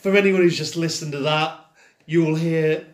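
Male co-host, wry recapper, slightly high voice, echoey room. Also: fairly even intonation, moderate pace. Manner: upbeat, wry, summarizing plot. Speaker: podcast co-host. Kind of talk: casual film review chat.

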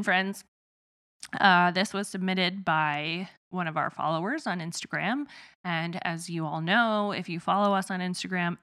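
A woman's voice: fairly low pitch, bright, forceful tone. A woman in her thirties from the rural Midwest with a slight twang, co-hosting a casual podcast, chatty and laughing often. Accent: rural Midwestern American with a slight twang. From rural Midwest of the United States. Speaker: podcast co-host.

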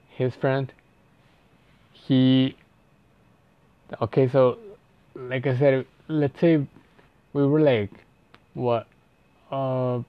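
A man's voice: mid-range voice, no echo, dull audio. A young man telling a story casually, rambling and profane, with lots of "like" fillers and restarts.

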